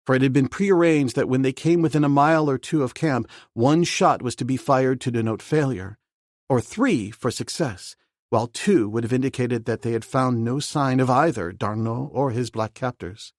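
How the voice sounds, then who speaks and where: A man reading a novel aloud as an audiobook narrator, in a steady, measured way. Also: medium pitch, dry recording, clean studio sound.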